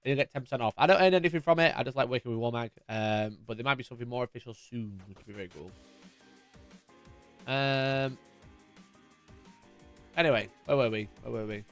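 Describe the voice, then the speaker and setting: A man's voice: medium pitch, a little fast, pauses often, clean tone, faint music behind. A man hosting a live stream, chatting casually and jokingly greeting viewers by name as he reads their messages. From United Kingdom.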